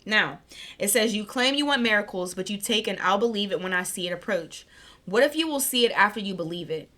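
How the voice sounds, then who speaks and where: A woman giving a casual spiritual reading, chatty and excited, tripping over her words, with a scratchy throat. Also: mid-range voice, brisk. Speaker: tarot reader. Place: warm room at home.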